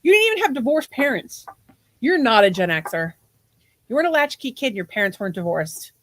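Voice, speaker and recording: A woman's voice: on the high side, sing-song, a little fast, a little hiss or hum. A woman in her forties co-hosting a podcast, chatting casually with lots of laughter and some swearing. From half Portuguese. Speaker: podcast co-host. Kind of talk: casual livestream chat.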